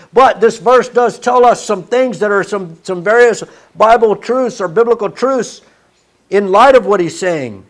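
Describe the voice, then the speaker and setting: Man, preacher, sermon, high-pitched, earnest, conversational, occasional restarts.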